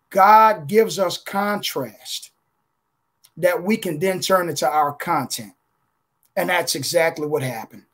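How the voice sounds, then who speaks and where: A man giving an emotional motivational testimony as a contributing author, preacherly, with repeated calls of "guys" and "listen", slowing down for emphasis, speaking on a video call. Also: high-pitched.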